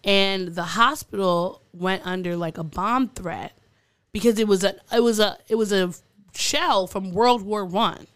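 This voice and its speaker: Woman, casual podcast chat, slow and drawn out, dry close sound, giggly. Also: mid-range voice, a bit bright, smooth, no room sound. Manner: giggly, rambling with fillers and restarts. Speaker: podcast co-host. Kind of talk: casual chat, recounting news stories.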